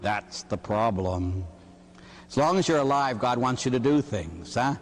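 A middle-aged priest from the Pittsburgh area giving a homily on confession, telling stories and acting out penitents with a rhetorical "huh?". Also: male voice, medium pitch, a little slow, in a large hall. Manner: animated storytelling, acts out penitents and God with rhetorical "huh?".

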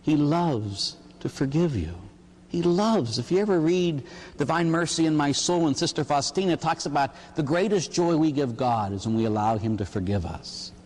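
A middle-aged priest from the Pittsburgh area giving a homily on confession, telling stories and acting out penitents with a rhetorical "huh?". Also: male voice, fairly high pitch, normal speed, big-room sound. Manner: animated storytelling, acts out penitents and God with rhetorical "huh?".

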